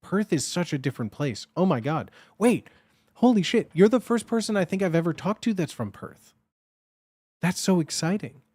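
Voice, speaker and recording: This is a young man chatting on his livestream in a relaxed, rambling way. He keeps getting excited and swears freely. His voice sits fairly high, and the sound is dry and close to the mic. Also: moderate pace, husky, no echo. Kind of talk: casual stream chat.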